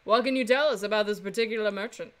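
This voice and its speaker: A woman's voice: medium pitch, quick pace, lightly acted. A woman voicing a male falcon defense attorney, speaking in a polite, questioning way.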